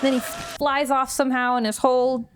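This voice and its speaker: A woman guest in a casual movie chat, animated and playful as she retells scenes. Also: sits high, normal speed, noisy background.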